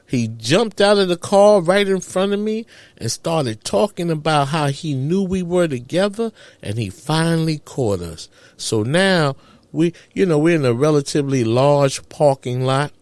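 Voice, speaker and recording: Slow, dramatic storytelling man. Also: no room sound. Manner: dramatic, animated retelling with big pitch jumps. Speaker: podcast host. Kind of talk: storytelling monologue.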